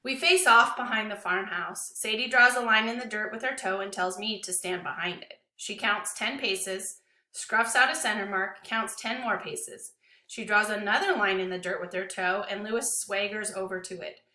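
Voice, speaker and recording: A woman teacher reading a novel aloud to her class with an expressive, dramatic delivery. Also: mid-range voice, normal speed, reverberant.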